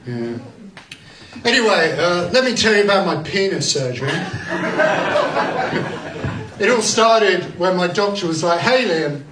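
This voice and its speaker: A man performing a rambling, crude stand-up comedy set on a club stage, full of self-mocking punchlines. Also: on the high side. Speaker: stand-up comic. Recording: echoey club, distant mic, crowd laughter. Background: laughing audience.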